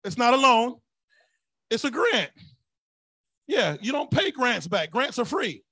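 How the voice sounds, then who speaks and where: Male pastor, very high voice, shouted call-and-response preaching, dry close sound. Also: sing-song, unhurried, dry recording. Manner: shouted call-and-response preaching, drops to soft sighing asides; folksy, colloquial delivery. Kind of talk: sermon.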